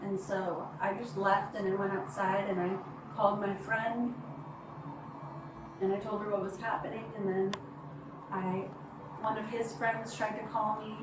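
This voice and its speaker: A woman recounting an incident to police, halting and rambling with many fillers. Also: mid-range voice, little pitch movement. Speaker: complainant reporting to police. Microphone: body-worn camera. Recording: echoey, distant, noisy bodycam audio.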